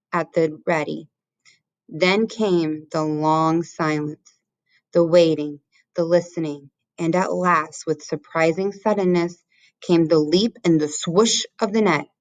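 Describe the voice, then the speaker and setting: Lower-voiced woman reading a storybook. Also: steady tone, no echo. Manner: measured storytelling. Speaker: teacher. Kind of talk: reading a children's book aloud.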